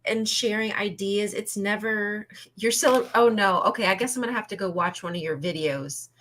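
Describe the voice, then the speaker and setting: A woman's voice: mid-range voice, moderate pace, a bit bright, a little hiss or hum. A woman co-hosting a casual live-stream chat, sarcastic and chatty, swearing freely.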